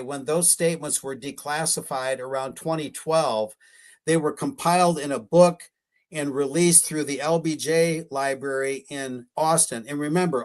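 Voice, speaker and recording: Rambling, hesitant man on a radio stream. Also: fairly high pitch. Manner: rambling, hesitant, self-correcting with fillers. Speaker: guest researcher. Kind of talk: live-streamed radio interview talk.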